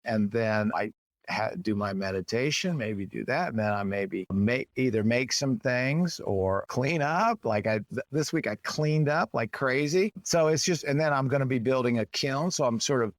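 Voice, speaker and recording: A man in his sixties, a guest potter in a casual interview, talking in a rambling, animated way and jumping up in pitch when he acts out quotes. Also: normal speed, no echo. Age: 60s.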